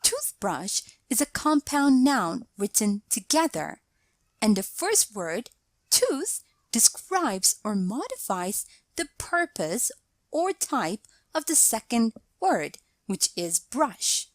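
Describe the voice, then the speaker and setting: A woman narrating a scripted English grammar lesson, explaining each point in a deliberate, measured way. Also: on the high side, sing-song, no echo.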